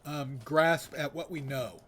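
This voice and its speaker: A man's voice: fairly high pitch, measured pace, a bit bright, slight background noise. An American man streaming a game, chatting casually with rambling asides and frequent self-corrections. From United States. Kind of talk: casual gameplay chat.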